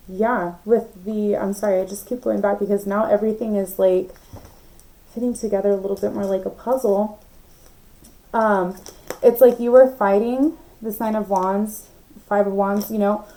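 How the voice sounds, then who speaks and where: Over poor audio, a young tarot reader with a medium-pitched, dark voice talks straight to her viewers. Her reading is casual, chatty and emphatic, packed with fillers and an odd swear.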